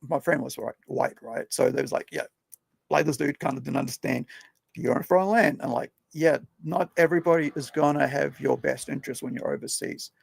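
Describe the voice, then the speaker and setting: A man's voice: mid-range voice, steady tone, brisk, gravelly, few pauses, breathy edge, dry recording. A young man hosting a podcast, telling stories in a rambling, conversational way and often tagging his sentences with questions. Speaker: podcast host. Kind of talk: casual storytelling chat.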